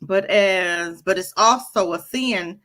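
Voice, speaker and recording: A woman co-hosting an online talk radio show, reacting to a clip with animated, emphatic indignation. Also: mid-range voice, slow, slight background noise. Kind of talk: casual opinion talk, commenting on a played clip.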